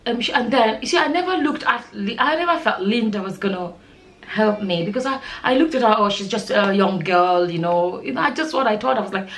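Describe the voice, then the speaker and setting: A woman's voice: mid-range voice, fairly quick, a bit bright. A middle-aged woman from Nigeria telling a personal story in an emotional, rambling way, with many restarts and fillers. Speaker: vlogger. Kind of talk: storytelling vlog.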